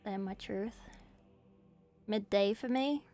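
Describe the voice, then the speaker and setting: Late at night in a dark room at home, a woman with a faint New Zealand accent paints miniatures and chats casually with her live-stream viewers, answering their questions. She speaks slowly in a mellow, mid-range voice over faint background music, joking and poking fun at herself.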